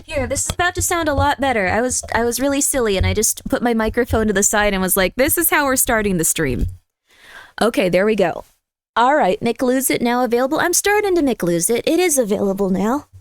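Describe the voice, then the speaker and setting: A woman's voice: a little high, lively intonation, quick pace, dry recording, studio quality. A young adult woman streamer chatting casually with her viewers in a rambling, talkative way. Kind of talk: casual live-stream chat.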